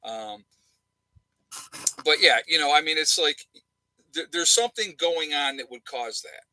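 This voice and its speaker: A man with a slightly high voice hosts a casual livestream chat from a home room where a fan is running, speaking at an unhurried pace in a sharp tone. The channel host is blunt and sarcastic, rambling with plenty of uhs and ums. The recording is dry and rough.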